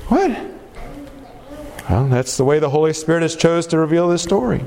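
A man preaching a sermon, telling a story dramatically, with sudden swings in pitch and pace. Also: animated, normal speed, long pauses, darkish tone, long reverb tail. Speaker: pastor.

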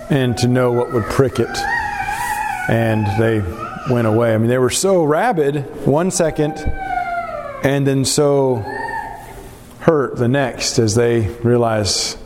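A man's voice: medium pitch, long reverb tail, background noise. A man leading a Bible study group, teaching earnestly and putting questions to the group.

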